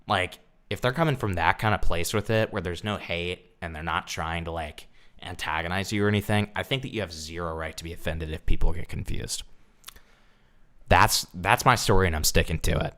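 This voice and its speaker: A man's voice: sits low, clear, resonant tone. A tipsy man ranting blunt and defensive on a livestream, swearing freely. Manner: blunt, defensive, swearing, swings into loud rants. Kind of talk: livestream rant.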